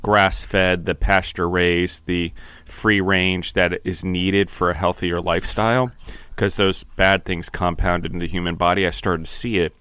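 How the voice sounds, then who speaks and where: A middle-aged man talks in a very low, smooth voice with a steady, flat delivery. He is earnest and reflective, pausing and restarting his thoughts. The sound is close and dry. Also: no echo. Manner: earnest, halting, restarts phrases, gets emotional. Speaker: podcast host. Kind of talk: reflective interview talk.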